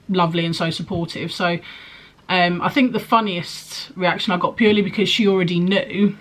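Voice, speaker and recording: A woman's voice: on the low side, a bit bright. A young woman, pregnant, chatting casually in a rambling way, with frequent ums and likes, as she answers questions for her vlog. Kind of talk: casual chat.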